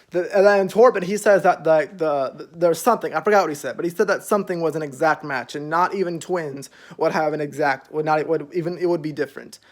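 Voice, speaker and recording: A young man casually recapping a show's episodes, rambling with lots of fillers and freely swearing. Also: on the high side. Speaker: show reviewer.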